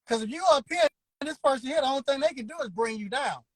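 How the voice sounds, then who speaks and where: A man's voice: extremely high pitch, expressive, no room sound, poor audio. A man, telling his story as an interview guest in an emphatic, preacher-like way. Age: 50s. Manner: emphatic, preacher-like, drawn-out words. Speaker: interview guest, barber school owner. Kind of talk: motivational storytelling.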